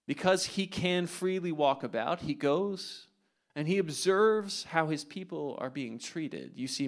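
A man delivering a storytelling sermon in a slightly higher-than-usual voice. He retells the scripture with dramatic push, then sinks into quiet, hushed asides. It sounds like a preacher from the pulpit.

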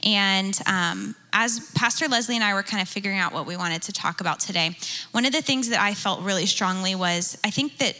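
A woman's voice: mid-range voice, a little fast, bright, forceful tone, poor audio. A young woman pastor leading a church panel, talking earnestly and chattily, often asking "right?". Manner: earnest, chatty, sprinkled with "you know" and "right?".

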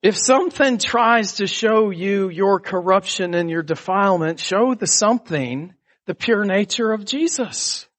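High-voiced man preaching slowly. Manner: animated, conversational preaching with asides. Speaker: pastor. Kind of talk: sermon.

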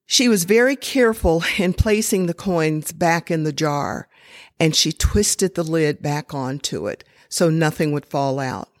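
A woman telling a true story in a slow, deliberate, expressive sermon style. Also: low voice, no room sound, studio quality.

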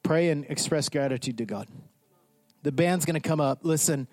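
A man preaching a sermon as pastor, animated, acting out the people in his story. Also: on the high side, moderate pace, dry recording, faint music behind. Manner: animated, acts out voices of disciples.

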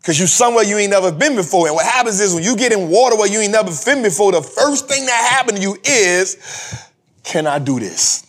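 A man hosting a show, giving a repetitive, preachy motivational talk on investing, speaking with a husky voice. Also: high-pitched, fast talker, few pauses. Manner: animated, preachy, repetitive, addresses co-host by name. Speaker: podcast host.

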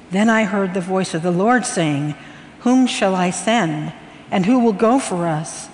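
A reader reading a scripture passage aloud in a church, slowly and with measured phrasing. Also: mid-range voice, expressive. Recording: echoey hall with faint room noise.

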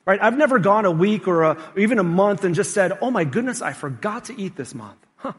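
A man's voice: sits high, long reverb tail. A male pastor preaching a sermon and engaging the congregation with questions. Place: church sanctuary.

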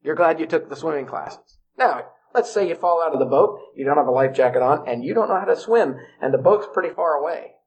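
High-pitched preacher, urgent and pleading. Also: male voice, expressive, fairly quick, few pauses, breathy edge. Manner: rising to high urgent pleading pitch, then dropping to quiet emphasis; conversational storytelling with rhetorical questions. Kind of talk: evangelistic sermon.

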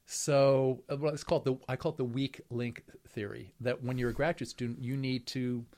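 A middle-aged man recounts his own past in a conversational interview, with a voice of medium pitch. He rambles wryly, circling back and restarting his sentences as the story unfolds. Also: little pitch movement, normal speed, darkish tone. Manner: wry, rambling anecdotes with many fillers and restarts. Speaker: professor being interviewed.

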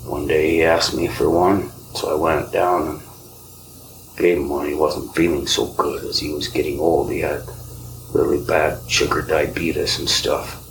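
Deep, gravelly man telling spiritual stories. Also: little pitch movement, background noise. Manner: slow, soft-spoken, often whispering. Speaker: podcast host. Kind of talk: spiritual storytelling.

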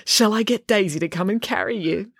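A woman's voice: mid-range voice, a little fast, slightly rough, dry recording, clean studio sound, pitched above the performer's own voice. A woman voicing a smug, prim schoolgirl in an audiobook. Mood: gloating. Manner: gloating, prim.

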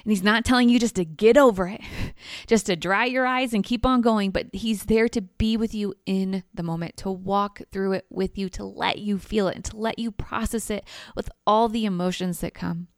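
A woman giving a devotional teaching in a gentle, earnest, conversational way. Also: medium pitch, moderate pace, dry recording, clean studio sound.

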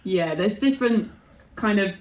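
A woman's voice: medium pitch, lively intonation, a little mellow, roomy sound, low-quality recording. A woman guest in a casual chat over a call, playful and teasing. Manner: playful, teasing, quick to laugh.

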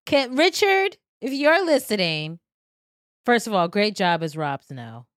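A woman hosting a podcast in casual chat, animated and joking with playful teasing. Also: medium pitch, unhurried, dry recording, clean studio sound. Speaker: podcast host. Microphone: studio mic.

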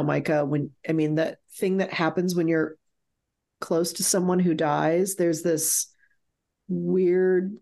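A woman's voice: lowish voice, dark tone. Frank woman telling a personal story. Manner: emotional, frank, swears freely. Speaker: author and interview guest.

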